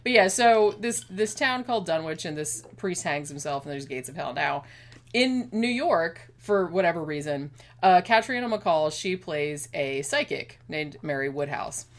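A woman casually discussing a horror film as a podcast co-host, chatty and animated, laughing often. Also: low-pitched, moderate pace.

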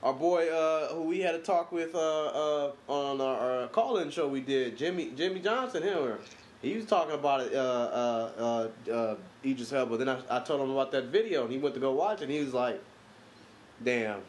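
A man's voice: mid-range voice, fairly quick, a little hiss or hum. A man from co-hosting a podcast, telling loose, slangy, profane stories and jokes in casual chat. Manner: loose, joking, slangy storytelling. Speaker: podcast co-host.

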